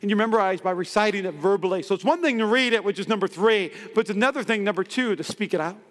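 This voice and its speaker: A male pastor preaching a lively, humorous sermon in a church, acting out the quoted voices of everyday people. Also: sits high, fast talker. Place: church sanctuary. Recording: long hall reverb in a church.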